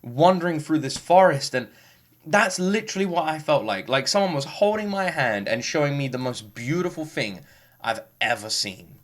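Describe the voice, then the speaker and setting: A man hosting a music reaction, talking casually and effusively, rambling with halting restarts and some swearing. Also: a little high, expressive, fairly bright tone. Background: game soundtrack playing faintly.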